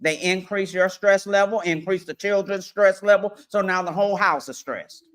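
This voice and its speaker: A woman coach giving a lively workshop presentation to parents, addressing the audience directly and often checking in with them. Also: medium pitch. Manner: animated, acts out parents and children in quick voices; addresses audience directly with frequent "all right".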